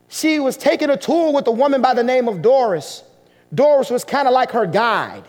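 A male pastor delivers a heartfelt sermon story in a strikingly high voice. He slows down and pauses to let emotional moments settle. The sound rings with long reverb from a church hall. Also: expressive, a little mellow.

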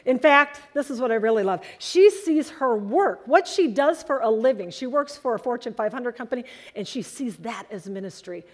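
Woman preaching, earnest and fairly high. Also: moderate pace, few pauses. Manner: earnest storytelling, animated emphasis. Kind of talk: sermon.

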